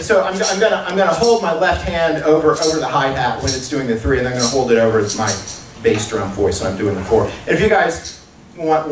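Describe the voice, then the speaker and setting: Man lecturing in an echoey hall. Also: on the high side. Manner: chatty, repeats words while thinking, recites drum syllables. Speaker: music professor. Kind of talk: lecture recital with demonstrations. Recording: roomy hall sound from far off.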